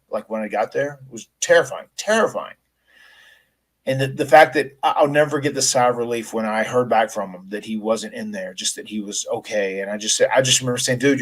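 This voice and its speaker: A man in conversation, recounting events earnestly at a middling pitch. He talks with many restarts and slips into quoted dialogue as he tells the story. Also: low-quality recording. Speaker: wrestler telling his story.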